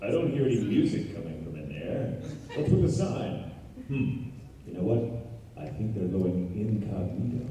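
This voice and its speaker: A man's voice: on the low side, big pitch swings, normal speed, dark tone, pitched below the performer's own voice. A man improvising a playful, scheming young male thief in a comic scene. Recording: echoey hall from far off, crowd noise.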